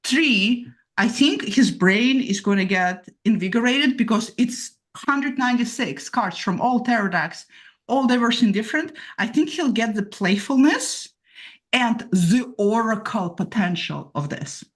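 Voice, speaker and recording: A woman's voice: fairly high pitch, animated, unhurried. Playful, bawdy woman hosting a chat. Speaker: host, tarot reader. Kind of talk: casual chat.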